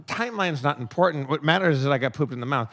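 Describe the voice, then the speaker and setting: A man co-hosting a comedy podcast, telling a story in a lively, laughing way with lots of stammered restarts. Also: on the high side, racing, a crowd in the background. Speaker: podcast co-host.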